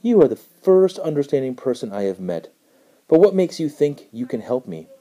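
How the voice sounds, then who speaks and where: A meek, simple fellow who speaks in a plaintive, somewhat low tone, as a man puts him on. His voice is dark and mellow, with a lively rise and fall. He is a storybook figure. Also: normal speed. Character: sad, simple-minded grown man who lost his head.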